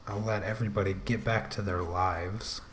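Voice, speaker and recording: An artist hosting his own channel draws on a livestream while giving relaxed running commentary, as if sitting at his desk at home. He rambles to himself, stumbles over restarts, and tosses in self-deprecating asides. His voice is fairly low at a normal speed, with slight background noise.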